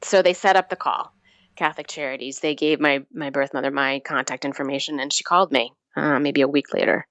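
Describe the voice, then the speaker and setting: A woman in her forties telling her personal story as an interview guest, earnest and halting, often restarting her sentences. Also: extremely low pitch, fairly even intonation, a bit bright, no room sound. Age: 40s.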